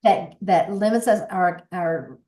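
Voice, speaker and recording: A woman's voice: lowish voice, slow, mellow. A woman in her sixties, a voice coach, talking earnestly and reflectively as a podcast guest, often restarting her sentences. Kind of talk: conversational interview.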